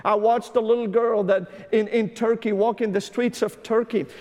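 A man from Syria preaching a passionate sermon as a pastor, often sinking to a hushed, intense delivery. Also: high-pitched, flat delivery, moderate pace. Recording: hall reverb.

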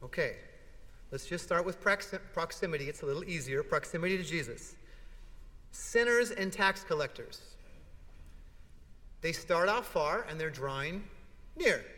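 Guy preaching a sermon, bright tone, kinda high voice, big echoey church. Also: normal speed, long pauses. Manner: animated storytelling with rhetorical questions. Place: large church sanctuary.

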